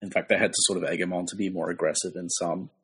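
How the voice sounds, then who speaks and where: A man with a low, husky voice chatting casually on a podcast. He speaks in a relaxed way, hedging with fillers as he goes. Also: fast talker.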